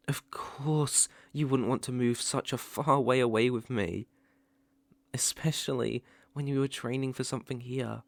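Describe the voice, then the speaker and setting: A tender, remorseful young ex-boyfriend with a British accent, as a man plays him in a whispered role-play. His voice carries a gravelly, fry-laden edge and he lingers slowly over each halting phrase, close and dry on the mic. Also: medium pitch, dry recording, close to an everyday voice. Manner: hesitant, halting, with soft laughs. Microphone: close mic, ASMR.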